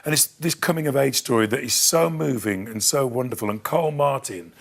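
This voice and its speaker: A man's voice: mid-range voice, brisk, creaky. Enthusiastic man telling a story. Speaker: guest actor and producer. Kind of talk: casual studio chat.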